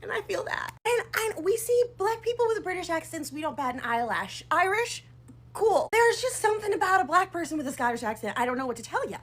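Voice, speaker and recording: Woman with high, lively, bright voice, amused casual commentary. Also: a little fast. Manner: bubbly, amused. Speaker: content creator.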